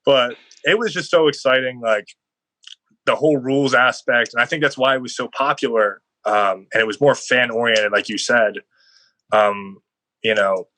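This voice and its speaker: Bright, chatty young man. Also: mid-range voice, moderate pace, dry recording, poor audio. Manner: rambling, heavy on "like" fillers, animated storytelling. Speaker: guest football player. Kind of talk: casual podcast interview.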